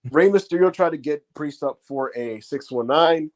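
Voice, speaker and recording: A man with a slightly higher voice, recorded close and dry, recaps a wrestling show in loose, casual chat. He fills the gaps with "uh" and "like". He bursts into high, shouted impressions whenever he quotes someone. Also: moderate pace, no echo. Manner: animated retelling, acts out quotes in raised shouts.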